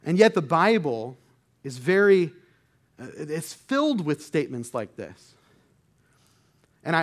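A male pastor delivers a sermon in an earnest, conversational way. His voice sits a little higher than most men's, and he often restarts his phrases as he works toward a point.

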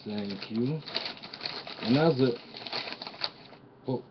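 A man unboxing gifts in a halting show-and-tell, pausing often with "uh" between short phrases. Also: medium pitch, lo-fi sound, noisy background. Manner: halting, pauses with many "uh" fillers while naming items. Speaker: crafter showing gifts.

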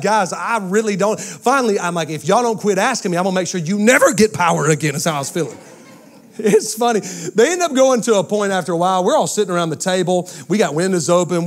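A man, preaching a sermon to a church crowd with lively storytelling and call-outs to the congregation. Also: sits high. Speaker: pastor. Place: church sanctuary with a live audience.

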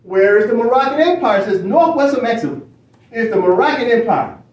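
A man's voice: extremely high pitch, sing-song, a little fast, roomy sound, distant mic, lo-fi sound. A man leading a study session, lecturing emphatically with repeated phrases and rhetorical questions. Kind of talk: lecturing while reading from a screen.

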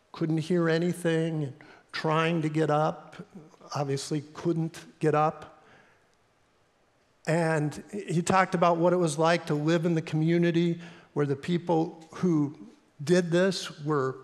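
A middle-aged pastor with a Midwestern accent, telling a story in a sermon in an earnest, halting way with fillers. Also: male voice, on the high side. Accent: American Midwestern. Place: church sanctuary. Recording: long hall reverb in a church.

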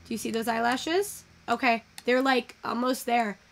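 A young woman giving casual, excitable commentary while taking in-game photos, swearing freely and gushing over what she sees. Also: a little high, normal speed, vocal fry, hardly any pauses. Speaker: virtual photography creator.

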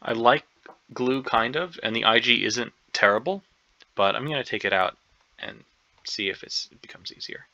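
A man with a sharp, gravelly voice thinks aloud through a crossword puzzle. He talks in hesitant, half-sure bursts, stacking ums and second guesses. The recording is dull and lo-fi. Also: medium pitch, normal speed, no echo. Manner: hesitant, unsure, many ums and self-doubts. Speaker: crossword solver.

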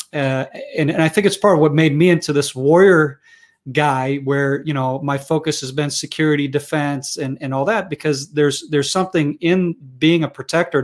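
A middle-aged man from Israel speaks with a fairly high voice in a relaxed interview. He tells stories in an animated way and laughs often. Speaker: interview guest. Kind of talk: conversational interview.

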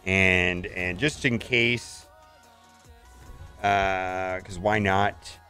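A man's voice: deep voice, steady tone, extremely slow, bright, forceful tone, clean tone, faint music behind. Chatty man commenting on his gameplay. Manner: chatty, thinks aloud, many "all right"s. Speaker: mobile game streamer.

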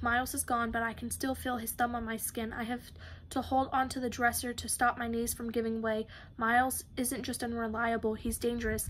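A woman reading a young adult novel chapter aloud on her channel, with a steady, even delivery. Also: fairly high pitch, slight background noise. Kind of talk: read-aloud narration of a novel.

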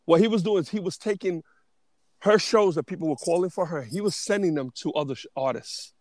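A man in his fifties telling stories as a podcast guest, animated and restarting often. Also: high-pitched, fairly quick, dry recording. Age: 50s. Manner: animated, restarts often, acts out quoted voices. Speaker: interview guest, booking agent. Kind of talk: casual storytelling.

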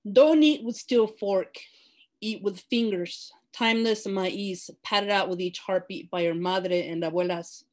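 A woman's voice: medium pitch, measured pace, a little mellow. A woman poet reading her own poem aloud over a video call, building intensity as she reads. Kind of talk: poetry reading.

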